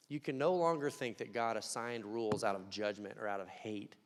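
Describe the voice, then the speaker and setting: A young man preaching a conversational sermon, dropping to quiet asides and rising to loud, emphatic peaks. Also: fairly low pitch, a little fast, hardly any pauses. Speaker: pastor. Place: church hall. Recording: long hall reverb.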